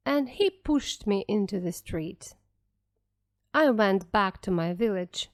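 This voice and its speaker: A woman reading a short story aloud slowly and clearly for beginner English learners, careful and expressive. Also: medium pitch, no room sound, clean studio sound.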